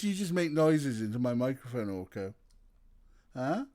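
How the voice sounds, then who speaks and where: A man's voice: medium pitch, animated, moderate pace, darkish tone, faint music behind. A man streaming a narrative game, chatting casually and rambling between asides. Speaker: let's play streamer. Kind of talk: casual gameplay commentary.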